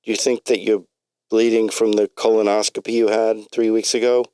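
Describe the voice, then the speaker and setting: A man's voice: fairly low pitch, level tone, normal speed, mellow, clear, resonant tone, voice pushed up, natural voice. A man voicing a formal, polite female phone agent in a read-aloud story. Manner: formal, questioning.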